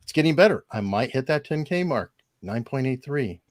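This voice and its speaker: A man hosting a casual legal panel over a video call, animated and joking. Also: mid-range voice, no echo, studio quality. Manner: animated, laughing, quick asides. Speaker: host.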